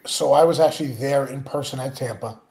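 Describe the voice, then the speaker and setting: A man appearing as a guest coach, answering questions in a measured, plain way with frequent fillers. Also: medium pitch, mellow. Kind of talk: casual interview answers.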